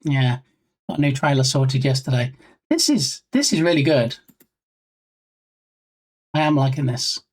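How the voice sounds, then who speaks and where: A man's voice: medium pitch, expressive, a little slow, pauses often. Chatty British man streaming. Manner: chatty, reads chat aloud. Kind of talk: casual live-stream chat.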